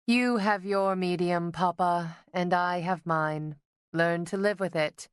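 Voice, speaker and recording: A woman voicing a poised young artist daughter with a low, smooth voice, dry and teasing, in an audiobook. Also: steady tone, slow, no room sound. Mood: cool teasing. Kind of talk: audiobook character voice.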